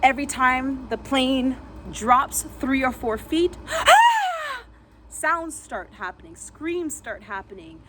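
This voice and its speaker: A woman vlogger telling a dramatic personal story vividly, re-enacting sounds and dropping to a hush at tense moments. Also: high-pitched, a little slow, very noisy.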